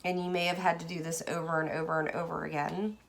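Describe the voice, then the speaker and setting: A woman chatting casually through a tarot reading, effusive, moving from hushed asides to excited bursts. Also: sits low, fast talker, vocal fry, slight background noise. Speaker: tarot card reader.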